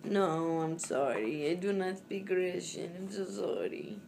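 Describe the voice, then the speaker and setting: A woman's voice: fairly low pitch, measured pace, creaky, heavy background noise. A young adult woman vlogging in a casual, rambling chat to camera, full of fillers and restarts and often breaking into laughs.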